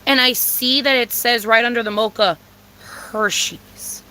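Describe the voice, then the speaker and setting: A young woman telling a profane, dramatic storytime rant, with a Mexican Spanish accent, jumping into high squeals when she quotes herself. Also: fairly even intonation, a little slow, bright, forceful tone, a little hiss or hum, poor audio. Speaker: vlogger.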